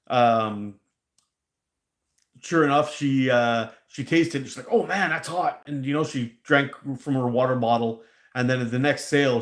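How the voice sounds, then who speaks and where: A man hosting a casual live stream about hot sauce, a rambling, animated storyteller who laughs at his own stories. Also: medium pitch, reverberant. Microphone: handheld mic pulled out.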